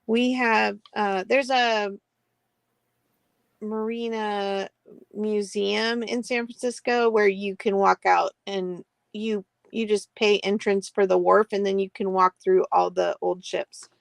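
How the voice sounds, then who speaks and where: A woman's voice: medium pitch, steady tone, gravelly, no echo. A woman co-hosting a live craft sale, giggly and chatty, counting down the bids. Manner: giggly, slow and warm, counts down auctions. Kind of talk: casual live-stream chat.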